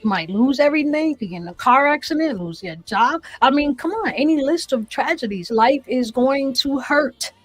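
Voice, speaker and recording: A woman's voice: high-pitched, lively intonation, normal speed, hardly any pauses, breathy edge, no echo, poor audio. Earnest woman preaching her own testimony. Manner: earnest, preacherly, repeats phrases for emphasis. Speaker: guest. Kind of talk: testimony interview. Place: small home room.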